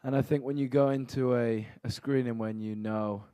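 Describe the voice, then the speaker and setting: A young man answering questions at a press conference, thoughtful and measured, his sentences trailing off softly. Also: medium pitch, steady tone, clear, resonant tone.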